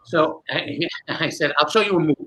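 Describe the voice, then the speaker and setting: A man recounts a long story in a relaxed interview, his voice fairly high and very bright. He talks with energy and slips into the voices of the people he describes. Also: moderate pace, poor audio. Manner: animated, acts out dialogue. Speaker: guest magician. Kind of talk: casual storytelling.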